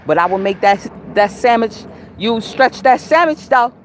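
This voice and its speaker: A woman talking casually to her viewers in a relaxed, laughing, slangy and profane way. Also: a little high, moderate pace, a little hiss or hum. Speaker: vlogger. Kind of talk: casual chat.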